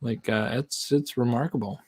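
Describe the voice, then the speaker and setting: A man hosting a live-stream show in loose, rambling casual chat, full of fillers and asides. His voice sits at an everyday middle pitch and is recorded dry and close, with no room echo. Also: normal speed, husky. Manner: rambling, animated, lots of fillers. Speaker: podcast host.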